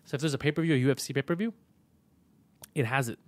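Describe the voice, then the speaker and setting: A male comedian hosting a casual live stream, loud and profane, mock-bullying his co-host. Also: mid-range voice, fast.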